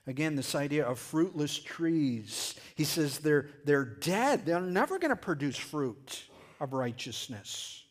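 A man preaching a sermon in a conversational way, often restarting phrases and now and then breaking into loud shouted lines. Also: fairly high pitch, big pitch swings, unhurried. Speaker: pastor.

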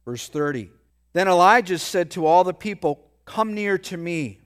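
A man preaching a sermon, reading scripture aloud and pausing to explain it in quick, casual asides. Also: a little high, a bit bright, clean tone. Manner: reads verses slowly, then explains in a quick aside. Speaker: pastor.

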